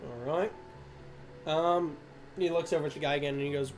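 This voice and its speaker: A man's voice: fairly high pitch, fairly even intonation, moderate pace, pauses often, soft background music. A man narrating as game master of a tabletop game, rambling with many fillers and restarts and laughing at himself.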